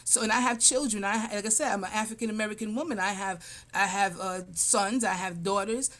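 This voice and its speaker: A woman's voice: medium pitch, brisk, a bit bright. A woman running for city council, answering interview questions over a video call in a rambling way, full of fillers and restarts.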